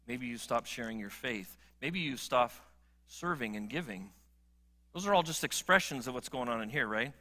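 A middle-aged male pastor preaching a sermon, earnest and swinging from emphatic appeals to quiet, low moments.

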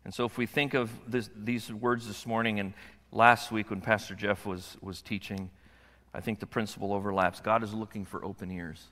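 A man's voice: on the low side, moderate pace. Older man preaching in a hall. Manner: animated, acts out voices of kids and wife. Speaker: pastor. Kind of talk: sermon. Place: church sanctuary.

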